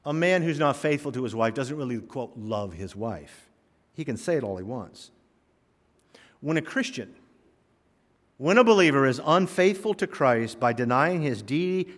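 A man preaching a sermon, telling stories with humor and driving home emphatic points. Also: medium pitch. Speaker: pastor. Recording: long reverb of a hall.

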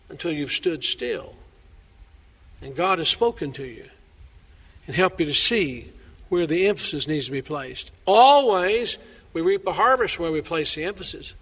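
High bright-voiced preacher in a hall. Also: male voice. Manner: preaching with sweeping rises and drops in loudness. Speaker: pastor. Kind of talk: sermon. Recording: long reverb of a large hall.

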